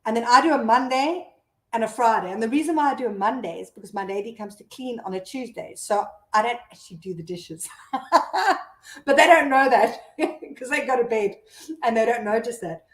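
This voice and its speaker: Chatty South African mom, roomy sound. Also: female voice, fairly high pitch, moderate pace. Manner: chatty, reads out viewer comments, laughs often. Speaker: mom blogger hosting a live stream. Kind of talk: casual live-stream chat.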